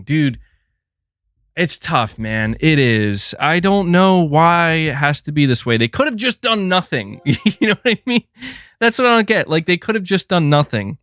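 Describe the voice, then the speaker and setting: Young man, gaming streamer, exasperated casual talk, higher pitch, dry close sound. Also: unhurried, smooth, no echo. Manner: animated, exasperated ranting with laughs. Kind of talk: casual live-stream chat. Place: home room.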